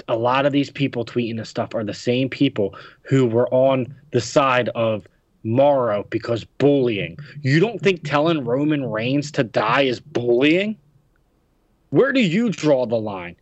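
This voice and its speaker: A man hosting a chat podcast, ranting with open indignation and no filter on his swearing. His voice sits a little high, and the recording is dry and slightly dull. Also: no room sound. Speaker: podcast host. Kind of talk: heated casual podcast rant.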